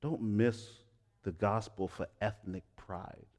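A middle-aged male pastor preaching a sermon, swinging between loud emphatic lines and hushed quiet ones. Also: on the low side, fairly even intonation, takes it slowly.

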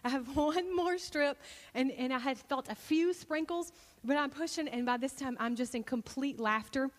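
Woman preacher, higher voice, lively storytelling sermon, long hall reverb. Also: moderate pace. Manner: animated, expressive storytelling with bursts of excitement.

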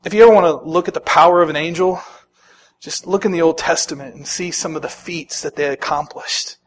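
A pastor preaches a sermon in a fairly high, fairly quick voice, animated and acting out the people he quotes. His volume swings suddenly between loud and soft.

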